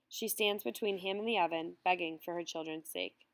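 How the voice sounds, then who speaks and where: A woman reading a first-person story aloud in a measured, earnest way. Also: lowish voice. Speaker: audiobook reader.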